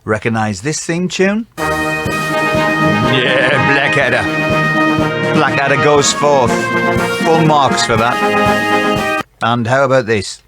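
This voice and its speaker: A man's voice: medium pitch, animated, slow, long pauses, loud music behind the voice. A middle-aged man reads out quiz answers and keeps breaking off into chatty, jokey asides, sometimes talking to himself. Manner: rambling, jokey, talks to himself. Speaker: quiz host.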